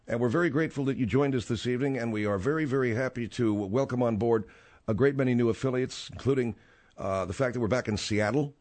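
A middle-aged man hosting a talk radio show, reading promos smoothly and sounding exasperated with his callers. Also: medium pitch, fast talker, a little mellow.

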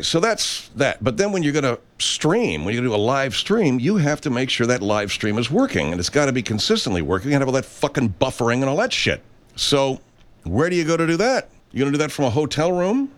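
Middle-aged male podcast host, low voice that swings widely, profane rambling rant. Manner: profane, rambling, heated rhetorical questions. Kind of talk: casual solo rant reading headlines.

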